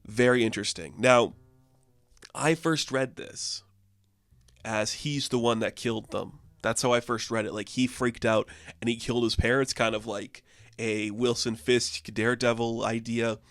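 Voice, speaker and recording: A man's voice: medium pitch, steady tone, moderate pace, fairly bright tone, no room sound. A young man casually reviewing a comic book, rambling and peppering his talk with filler words.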